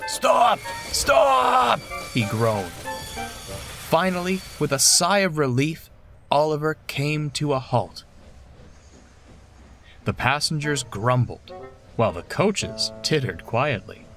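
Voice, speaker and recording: A man reading a children's story as narrator, expressive and scripted. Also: fairly high pitch, unhurried, long pauses, faint music behind.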